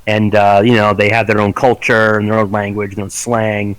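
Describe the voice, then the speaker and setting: A man's voice: on the low side, little pitch movement, brisk, a bit bright, clear, resonant tone, poor audio. Rambling, profane male podcast co-host. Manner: rambling, profane, laughs into his words. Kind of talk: casual chat.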